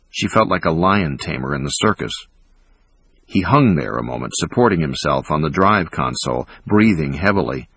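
A man reading a thriller audiobook in a measured, dramatic way. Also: a bass voice, expressive, fairly bright tone, slightly rough, no echo. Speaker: audiobook narrator. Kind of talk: scripted narration.

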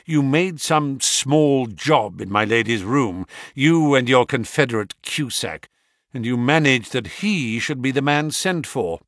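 A cool-headed detective, voiced by a man, lays out his case in a stern, commanding tone. His pitch rises and falls with lively emphasis. The sound is dry, with no room echo. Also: a little slow. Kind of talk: audiobook character reading.

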